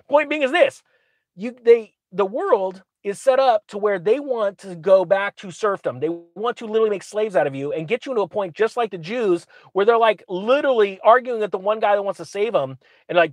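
A man's voice: sits high, animated, a little fast, no echo. A man giving opinionated commentary, sarcastic, often acting out quotes in mocking voices.

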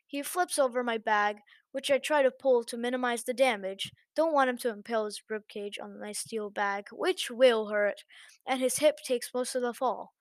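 A woman narrating an online story as the host of a channel, in a lively, chatty manner. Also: on the high side, moderate pace, dry recording.

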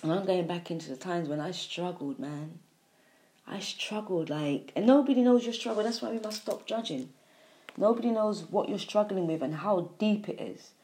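A woman giving a spiritual monologue, repeating phrases in a preachy way, sighing and swinging between soft and loud. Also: on the low side, normal speed. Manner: repetitive, preachy, with sighs and emphatic swings in loudness. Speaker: spiritual speaker.

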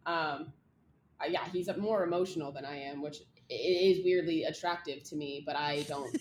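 A woman's voice: low-pitched, fairly even intonation, normal speed, roomy sound, background noise. A young woman co-hosting a podcast, talking candidly in casual chat, rambling with lots of "like". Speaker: podcast co-host.

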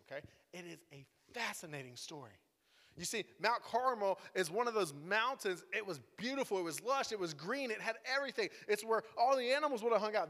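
A man's voice: high-pitched, fairly bright tone. A man giving a playful, dramatic sermon in a conversational tone, in a church hall. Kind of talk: lively sermon storytelling. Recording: echoey hall.

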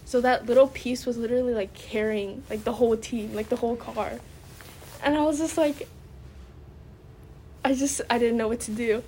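Chatty young woman, high voice, faint hiss. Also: steady tone, moderate pace, long pauses, warm tone. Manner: rambling storyteller, fills every phrase with "like". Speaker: podcast co-host. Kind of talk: casual chat.

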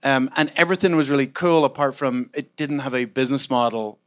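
A man's voice: mid-range voice, fairly quick. Rambling, self-mocking man, founder. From Scotland. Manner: rambling and animated, packed with "like" fillers and self-mocking asides. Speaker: startup founder, interview guest. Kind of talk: casual onstage interview answers. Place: event room with a live audience.

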